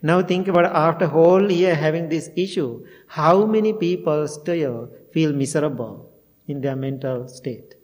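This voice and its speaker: A man's voice: on the high side, a little slow, a little mellow. A middle-aged man, a Buddhist monk, giving a heartfelt storytelling dharma talk at a temple and laughing at himself now and then. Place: temple meditation hall. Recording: long hall reverb.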